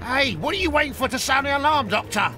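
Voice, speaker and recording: A commanding prison guard in a video game, giving brisk orders. His voice is high and bright, with faint game music behind it. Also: expressive, exaggerated voice.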